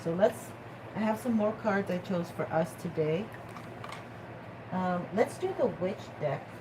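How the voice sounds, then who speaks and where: Casual: slow-talking tarot lady, playful and slangy, faint noise behind. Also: lowish voice. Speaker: tarot reader. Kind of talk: casual tarot reading vlog.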